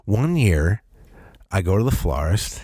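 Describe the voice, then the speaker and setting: Low-voiced podcast guy, super animated, cursing a lot, dry close sound. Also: a little slow, no room sound. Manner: animated, profane, jumps into high voices when quoting. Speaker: podcast co-host. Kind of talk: casual comedic storytelling. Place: podcast studio.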